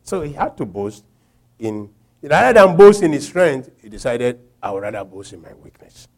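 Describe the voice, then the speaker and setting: Animated Nigerian man preaching. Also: medium pitch, normal speed. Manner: animated storytelling, laughing, shouting when acting out quotes. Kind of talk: sermon with a personal story.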